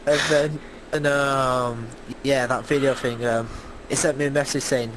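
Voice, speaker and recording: A teenage boy from Leeds with a Leeds accent, rambling excitedly through a story in casual podcast chat. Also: medium pitch, a little slow, hardly any pauses, background noise. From Leeds, England. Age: teens. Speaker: podcast co-host.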